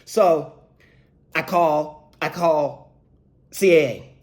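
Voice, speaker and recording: A man telling a casual anecdote, animated and acting out the voices of the people in it. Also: a little high, extremely slow. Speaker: storyteller.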